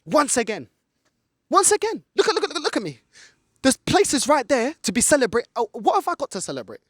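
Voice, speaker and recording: Brisk and extremely high-pitched with huge pitch swings, this man's slightly bright voice is recorded dry with clean studio sound. He angrily rants in a football fan vlog shot in an outdoor car park by a friend on camera, occasionally breaking into Portuguese.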